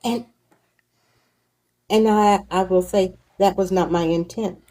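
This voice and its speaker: Woman host, slow reflective storytelling, unhurried pace, warm mellow tone. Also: medium pitch, steady tone, low-quality recording. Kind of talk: casual conversation.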